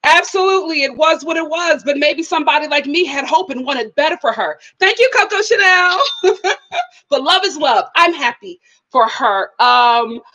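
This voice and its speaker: A woman hosting her own live-stream reaction show, talking in a blunt, animated, exclaiming way and reading out viewer comments. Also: high-pitched, moderate pace, rough recording. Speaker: YouTube host.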